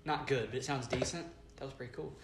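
A young man co-hosting a podcast in casual banter, jokey with quick asides. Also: mid-range voice. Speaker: podcast co-host. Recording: roomy echo with faint noise.

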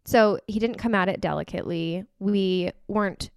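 A woman with a smooth, clear voice of middling pitch hosts a casual podcast chat, candid as she tells personal stories. The recording is dry and close. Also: normal speed, a little mellow, no room sound. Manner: candid, storytelling. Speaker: podcast host.

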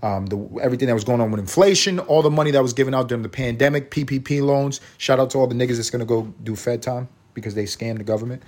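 A man's voice: medium pitch, fast talker, hardly any pauses, a little mellow. A man hosting his own podcast, ranting in a profane, sarcastic and rambling way. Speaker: podcast host. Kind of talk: casual rant.

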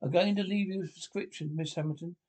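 A man reading a calm family doctor. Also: high voice, fast talker. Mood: reassuring. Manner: reads stage directions aloud before lines.

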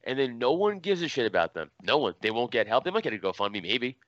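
A male podcast host talking casually, swearing often and getting worked up as he recounts a story. His voice sits at an ordinary pitch. The recording is dry and somewhat dull and lo-fi. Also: fast talker, no room sound. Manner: animated, profane storytelling.

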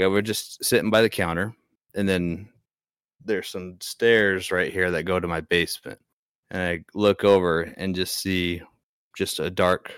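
Deep-voiced young man telling a ghost story. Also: fairly bright tone, clean tone, dry recording, studio quality. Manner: rambling, hesitant, many restarts. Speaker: podcast guest. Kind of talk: casual storytelling.

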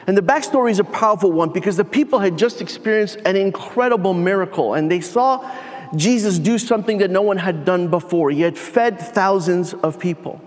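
A man's voice: high-pitched, big-room sound. A man preaching a sermon as pastor, earnest and building in intensity as he speaks.

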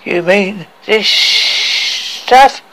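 A man reading a storybook and voicing a drunken male dwarf with a slow, slurred drawl. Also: a little high, animated, poor audio.

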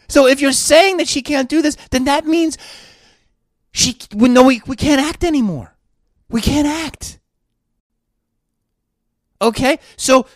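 A man's voice: very high-pitched, no echo, clean studio sound. A man hosting his own podcast, ranting with sarcastic rhetorical questions in an indignant monologue. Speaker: podcast host and actor.

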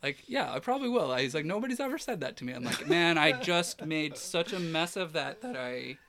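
A man telling an embarrassing story in casual chat, animated and self-deprecating, his voice dropping quiet as he trails off. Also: fairly high pitch, a little fast.

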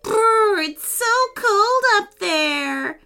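A woman's voice: lively intonation, drawn-out words, pushed and bright, soft background music, heavily acted. A woman voicing a group of mocking schoolchildren who taunt a tall boy. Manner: shrill and mocking.

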